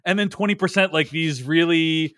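Male podcast co-host, high voice, hedging and reasonable, dry booth sound. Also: normal speed, sharp tone, no room sound. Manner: conceding, hedging, reasoning aloud. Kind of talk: casual film review chat.

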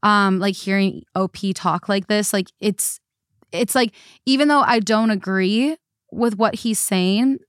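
Woman guest co-host, smooth voice, dry close mic, casual and emphatic. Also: medium pitch, unhurried, no room sound. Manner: emphatic, repeats herself with fillers. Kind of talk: casual podcast chat.

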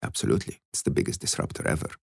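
A man talking as a podcast guest, animated and emphatic, often checking in with "okay?" and "hmm?". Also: rapid-fire, no echo, clean studio sound. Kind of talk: reflective interview talk.

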